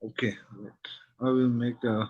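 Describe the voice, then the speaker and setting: A man teaching a slow alphabet lesson, reading each sound one by one and checking in often with "okay?" and "hmm?". His first language is Tibetan. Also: medium pitch, flat delivery, a little mellow, lo-fi sound.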